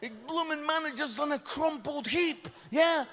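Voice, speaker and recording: A man telling a lively comic story to a church crowd, shouting out the big moments. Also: very high voice, moderate pace. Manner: lively, animated storyteller who shouts punchlines. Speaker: guest comedian speaker. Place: large church hall. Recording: echoey hall reverb.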